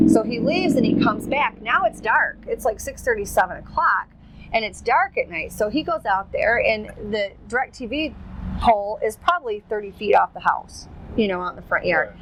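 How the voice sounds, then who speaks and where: A woman's voice: mid-range voice, fairly quick, slight background noise, low-quality recording. A middle-aged woman, a researcher and guest, telling a long anecdote in a casual, chatty way. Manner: chatty, animated anecdote-teller. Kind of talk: casual storytelling.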